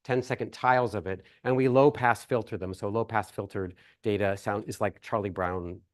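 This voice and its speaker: A man's voice: lowish voice, steady tone, normal speed. A man giving a plenary lecture at a research workshop, speaking casually with many fillers and restarts. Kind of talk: academic conference talk. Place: lecture hall.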